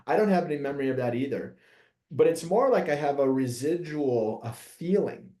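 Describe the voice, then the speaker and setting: A man, a physician guest, speaks in a mellow, relaxed voice, thinking aloud and reworking his sentences as he goes. The room around him is roomy and echoey. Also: fairly high pitch, normal speed. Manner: thoughtful, searching, self-correcting. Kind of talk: reflective interview conversation.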